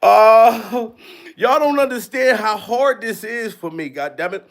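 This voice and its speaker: Man, forties, very high voice, slow drawn-out delivery, theatrical fake sobbing, faint music behind. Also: creaky. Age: 40s. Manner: exaggerated fake sobbing and laughing; loud, profane, theatrical. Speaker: comedy vlogger. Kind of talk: comedic mock-crying reaction.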